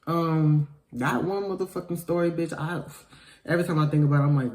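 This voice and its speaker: A man telling a story in a casual vlog, animated and profane, jumping from loud outbursts to low mumbled asides. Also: normal speed, long pauses. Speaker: storytime vlogger.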